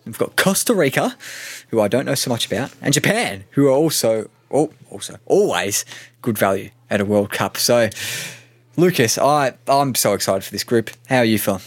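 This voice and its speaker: A man's voice: mid-range voice, lively intonation, moderate pace, no room sound. Male host, mid voice, jokey, dry close mic. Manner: jokey, teasing, upbeat. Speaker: podcast host. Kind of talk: casual football chat.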